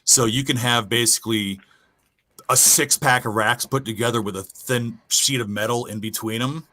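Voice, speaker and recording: A man casually telling a profane, animated ghost story from his Navy days. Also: medium pitch, moderate pace. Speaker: guest storyteller.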